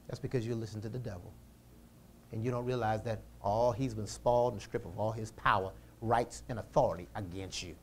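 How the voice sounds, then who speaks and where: Preaching to his congregation, a man calls out for their responses, moving from impassioned shouts to soft, close talk. He speaks fairly quickly, with slight background noise.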